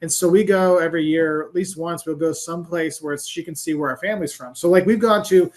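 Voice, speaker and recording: A man's voice: on the high side, fast talker. A middle-aged man, a travel creator, chatting casually in an interview, rambling with lots of "like" and restarts. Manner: rambling, animated, full of "like" and restarts. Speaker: travel creator and professor, guest.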